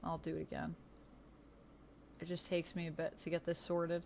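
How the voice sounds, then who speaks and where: A woman's voice: low voice, monotone, normal speed, creaky, darkish tone, slight background noise. A woman streamer chatting casually during a live stream, thinking aloud while she fixes her setup. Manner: chatty, laughs often, thinks aloud while fixing tech.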